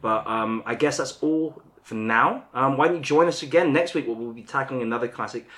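A man's voice: medium pitch, fairly quick, a bit bright. A man hosting a casual podcast, rambling a bit with lots of fillers as he wraps up the episode. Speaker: podcast host.

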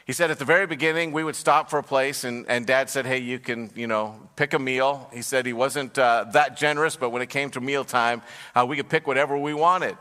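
A man's voice: medium pitch, steady tone, a little fast, sharp tone, smooth. Man, pastor, sermon, storytelling and emphatic preaching, long hall reverb.

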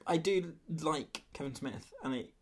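A man's voice: a little high, expressive, unhurried, breathy edge. A man co-hosting a casual film podcast, rambling and hesitant with many fillers and restarts. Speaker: podcast co-host.

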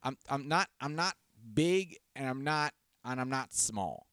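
A man's voice: mid-range voice, animated, unhurried, fairly bright tone, clear, resonant tone, dry recording, studio quality. A man co-hosting a casual comedy podcast, telling long rambling stories with restarts and laughs. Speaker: podcast co-host. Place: podcast studio.

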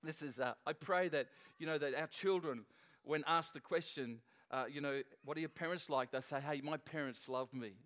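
A man's voice: a little high, normal speed, a bit bright. A middle-aged man preaching a sermon at a church service in a loose, joking, conversational way, often restarting his sentences. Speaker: pastor.

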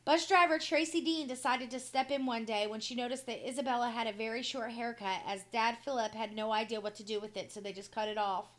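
A woman's voice: a little high, fairly even intonation, brisk, few pauses. Blunt middle-aged woman co-host. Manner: blunt, swears casually. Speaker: podcast co-host. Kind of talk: reading news stories aloud, casual chat.

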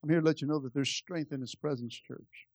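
Male pastor, high pitch, fervent sermon delivery with repeated calls, dry close sound. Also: steady tone, a little fast, darkish tone, dry recording. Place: church service.

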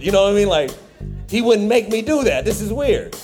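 A male comedian telling a funny personal story, animated and laughing at himself. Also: sits high, brisk. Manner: animated, laughing, self-mocking. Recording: music bed under the voice.

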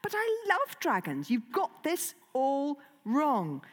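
A woman voicing an earnest young boy hero who speaks in a pleading, squeaky way. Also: huge pitch swings, slow, exaggerated voice. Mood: squeaky, alarmed. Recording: long hall reverb.

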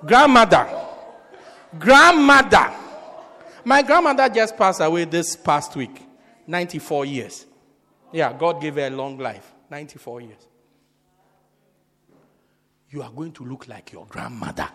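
A man preaching as a pastor, joking with the congregation and acting out quotes with sudden shouts. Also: fairly high pitch, lively intonation, normal speed, pauses often. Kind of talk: lively sermon. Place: large church hall. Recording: reverberant hall.

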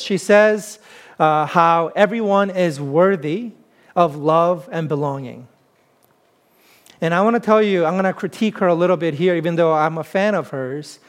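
A man preaching a sermon as pastor, in a conversational way that keeps posing rhetorical questions to the congregation. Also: a little high.

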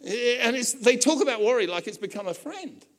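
Speaking at a normal pace, a pastor delivers an animated sermon in a high-pitched voice with wide swings as his points build. His tone is conversational, full of joking asides and playful impressions of the people in his stories.

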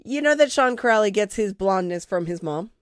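A woman hosting a casual fan podcast, talking in animated, rambling bursts with laughing asides. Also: mid-range voice, brisk, smooth, no echo, clean studio sound. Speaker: podcast host.

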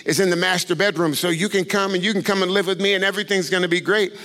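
A man voicing a rich homeowner who boasts and then complains loudly, in a sermon story. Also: high voice, fairly even intonation, fast. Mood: boastful. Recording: echoey hall.

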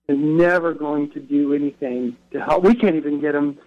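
Speaking at a normal speed with a steady tone and fairly high pitch, a man appears as a radio interview guest and co-founder of a record retail event. His storytelling is loose and anecdotal, full of self-corrections, and the radio audio is dull and lo-fi.

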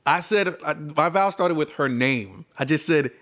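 A man's voice: a little high, unhurried. A man in casual chat, telling a story with energy and acting out what people said. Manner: animated storyteller who acts out quotes.

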